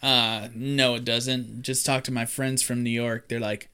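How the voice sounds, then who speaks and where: A man tells a film's story in a relaxed, joking way. He chats casually with his co-host. He slips into quick little voices for the characters. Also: medium pitch, clean tone. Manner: joking, animated storyteller who acts out quotes. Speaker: podcast co-host. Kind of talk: casual chat recapping a film.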